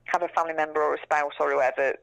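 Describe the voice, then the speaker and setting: A woman's voice: sits low, fairly even intonation, racing, gravelly, fairly bright tone, dry recording. A woman, chatting frankly and casually as an interview guest, swearing now and then. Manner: chatty, frank, swears casually, repeats words when she restarts.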